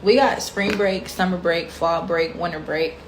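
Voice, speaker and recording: A woman's voice: on the low side, measured pace. A woman delivers a casual rant to camera, her tone irritated and full of rhetorical questions. The room around her is roomy and echoey, with a faint hiss underneath.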